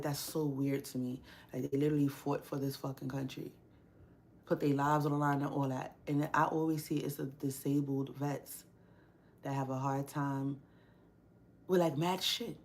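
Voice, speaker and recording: A young woman chats on a casual livestream from a home workspace. Her voice sits a little low, and she rants bluntly, swearing often and pressing each opinion hard. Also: steady tone, moderate pace. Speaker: livestream host.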